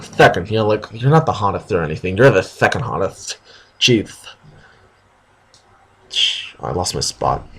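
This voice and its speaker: A man's voice: sits low, big pitch swings, a bit bright, slight background noise. A man reading a story aloud for a video, stumbling over words and breaking off for sarcastic comments. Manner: halting reading, sarcastic asides.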